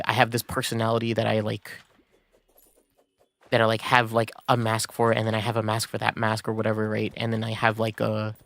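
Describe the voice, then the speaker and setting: A man's voice: medium pitch, a bit bright, no room sound. A man streaming a game, telling a story in a casual, rambling way with many fillers and restarts. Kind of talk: casual storytelling while gaming.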